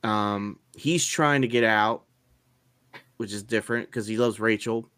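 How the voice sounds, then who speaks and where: Casting: bright, forward man, animated storyteller on a podcast. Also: fairly low pitch, unhurried, clean tone, no echo, studio quality. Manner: animated, acts out quotes while telling. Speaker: podcast co-host. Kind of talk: casual movie review chat.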